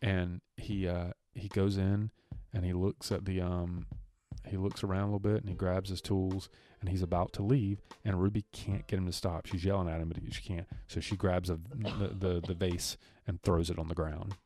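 A man's voice: deep voice, flat delivery, normal speed, hardly any pauses, mellow. A man co-hosting a podcast, loosely retelling a film's scenes and acting out the characters' lines. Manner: loose, rambling, many restarts. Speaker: podcast co-host. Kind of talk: casual movie recap chat.

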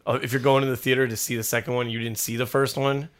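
A man co-hosting a podcast, chatting casually about a movie, excited and profane, rambling with restarts. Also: mid-range voice, fast talker. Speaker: podcast co-host. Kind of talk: casual movie-review chat.

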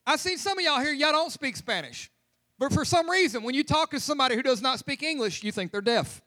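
A man's voice: extremely high pitch, lively intonation, fairly quick, pushed and bright. A man preaching a humorous, conversational sermon as pastor in a church. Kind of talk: lively sermon. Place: church sanctuary.

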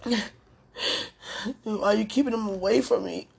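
A woman speaking an emotional prayer out loud, pleading and tender, repeating her phrases. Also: medium pitch, measured pace, gravelly, husky.

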